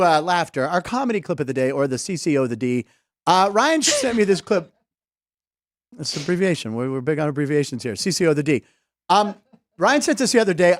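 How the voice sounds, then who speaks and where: Man, podcast host, fairly high voice, dry close sound, casual jokey banter. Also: dry recording. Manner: jokey, rambling, quick asides. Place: studio desk.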